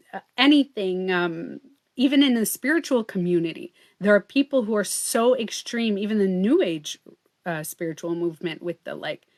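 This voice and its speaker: A woman hosting a casual livestream, talking at length in a rambling, emphatic way and swearing now and then. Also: medium pitch. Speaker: livestream host.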